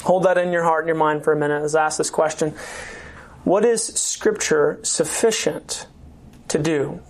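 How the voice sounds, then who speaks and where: A woman's voice: low-pitched, fairly even intonation, moderate pace. A woman teaching a church inquirers' class in a conversational way, with many fillers and restarts.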